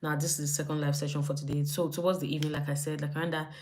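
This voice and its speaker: Low-voiced Nigerian woman chatting on a live stream. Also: racing, a little hiss or hum. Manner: chatty, animated, acts out her own reactions. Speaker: lifestyle livestreamer. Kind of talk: casual live chat.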